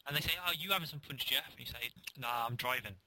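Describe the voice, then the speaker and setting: A man's voice: mid-range voice, fast talker, gravelly, pushed and bright, no echo, rough recording. A man co-hosting a casual comedy podcast, explaining things in a playful, mock-authoritative way. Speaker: podcast co-host.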